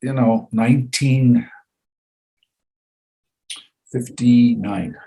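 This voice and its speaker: A man in his seventies, a guest in a conversation, telling a personal story with lively repetition and frequent chuckles. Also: mid-range voice, very slow. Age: 70s. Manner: animated, chuckles often, repeats phrases for effect.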